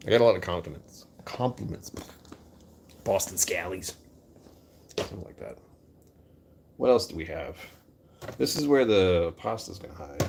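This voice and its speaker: A man's voice: lowish voice, a little mellow, a little hiss or hum. A man casually chatting with his live-stream viewers, joking and poking fun at himself while answering the chat. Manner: chatty, jokey, self-mocking.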